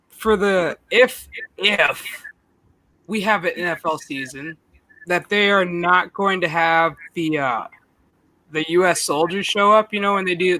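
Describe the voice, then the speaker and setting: A man's voice: sits high, sharp tone, no echo, rough recording. A man chiming in with jokes during a casual chat. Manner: joking interjections.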